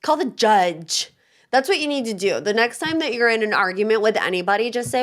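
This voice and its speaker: A woman's voice: medium pitch, expressive, fairly quick. A young adult woman hosting a pop culture podcast, giving casual, opinionated commentary in a chatty, sassy way and acting out quotes. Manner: chatty, sassy, acts out quotes in shifted voices.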